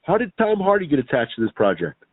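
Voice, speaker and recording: Guy asking questions bout a movie, bit high voice, tinny and dry. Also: wildly swooping pitch, no echo. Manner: asks interviewer-style questions, measured. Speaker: co-host movie reviewer. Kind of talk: casual movie chat. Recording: tinny phone-like line, dry.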